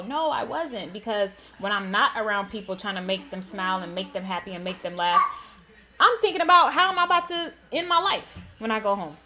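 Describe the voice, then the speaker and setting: A woman's voice: mid-range voice, a little fast, sharp tone, slight background noise. A young woman, host of a gaming channel, telling a painful personal story candidly, with many "like" fillers.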